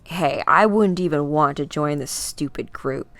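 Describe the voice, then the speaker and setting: Woman playing a gruff hothead hero guy, gravelly, pushy. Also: low-pitched, unhurried, no room sound. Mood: angry. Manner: gruff, demanding. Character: angry hot-headed male superhero.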